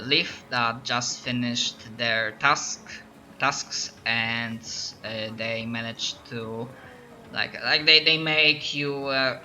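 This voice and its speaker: A man guides players through a tabletop game, with English as a second language. He talks slowly and hesitantly, stopping often to search for words. His voice is bright and crisp, with faint noise in the background. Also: medium pitch. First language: non-native English speaker. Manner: slow, hesitant, many fillers. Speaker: game master. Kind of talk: running a tabletop game over voice chat.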